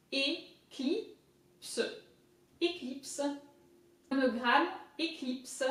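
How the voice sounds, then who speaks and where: A woman's voice: fairly high pitch, a bit bright. A woman giving a casual video lesson on French pronunciation, patiently spelling words out syllable by syllable with light self-mocking humor. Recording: very echoey room, voice from a distance.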